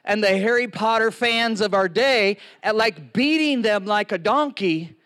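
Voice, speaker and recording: A man preaching a sermon, telling stories with lively acted-out quotes. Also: sits high, a little slow. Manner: animated storytelling with acted-out quotes.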